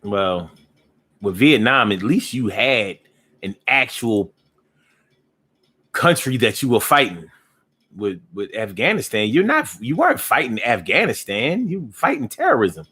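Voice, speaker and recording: A man's voice: medium pitch, very animated, measured pace, bright, forceful tone, slightly rough. Rambling laid-back man on a live stream. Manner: loose and rambling, slips into freestyle rhyming. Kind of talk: casual live chat reading viewer comments.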